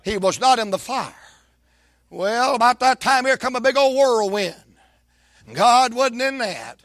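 A man preaching a sermon, folksy and dramatic, swinging from shouts to whispers. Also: very high voice, animated, a little slow, no echo.

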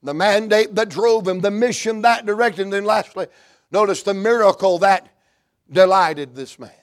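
Fervent high-voiced Southern preacher. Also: male voice, moderate pace, no echo, clean studio sound. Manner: fervent, swings from hushed to shouting. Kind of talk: revival sermon.

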